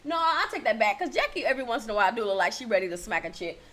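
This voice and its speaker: Sassy, profane high-voiced woman. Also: sing-song, racing, fairly bright tone. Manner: sassy, blunt and profane, laughs often. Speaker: TV show reviewer. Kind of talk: casual recap vlog.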